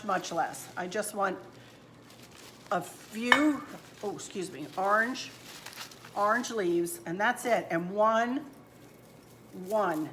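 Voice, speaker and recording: Chatty woman with a bright voice. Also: medium pitch, slight background noise. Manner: chatty, homey, addresses viewers as y'all. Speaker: home decor channel host. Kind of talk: casual crafting demonstration. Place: at home, indoors.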